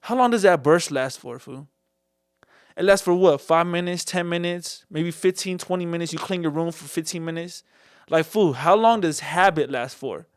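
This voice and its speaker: A man with a fairly high, smooth, resonant voice, talking in loose street slang as a call-in podcast host. The sound is close and dry, with no room around it. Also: moderate pace, no room sound. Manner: slangy, repeats "my boy" and "fool" constantly. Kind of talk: casual call-in podcast chat.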